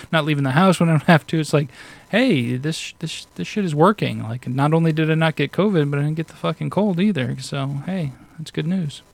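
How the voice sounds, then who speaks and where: A man's voice: on the high side, fairly quick, creaky. A man chatting casually as a podcast guest, rambling and self-mocking with a stuffy nose. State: stuffy-nosed. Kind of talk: casual chat.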